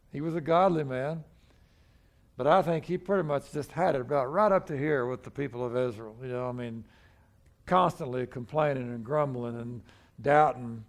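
Older male pastor with a gravelly voice, preaching in a loose conversational way, mid-range pitch. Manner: conversational preaching, acts out voices of people in the story. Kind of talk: sermon.

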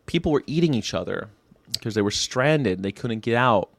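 A man's voice: mid-range voice, animated, moderate pace, vocal fry, no room sound. A man in his late thirties hosting a daily vegan show, chatting casually and irreverently about history, rambling, swearing and firing off rhetorical questions. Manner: rhetorical questions, wry commentary.

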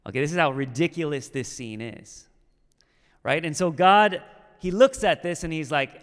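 A man's voice: fairly high pitch, moderate pace, a bit bright, clear, resonant tone. A man preaching a sermon in a conversational way, checking in with the listeners often. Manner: conversational, with frequent "okay?" and "right?" check-ins. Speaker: pastor. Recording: long hall reverb.

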